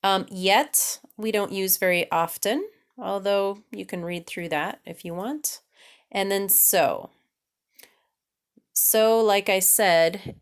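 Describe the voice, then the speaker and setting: A woman teaching an English grammar lesson, patiently reading examples aloud and checking in with "okay?" after each point. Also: fairly low pitch. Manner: slow and deliberate, reads examples aloud.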